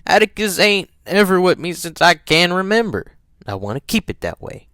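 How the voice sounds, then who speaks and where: A man's voice: high voice, very animated, moderate pace, bright, forceful tone, dry recording, pitched above the performer's own voice, full character voice. A headstrong young boy, voiced by a man reading aloud talks firm and a touch raised. The sound is close and dry. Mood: earnest. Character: boy of about twelve, stubborn and determined.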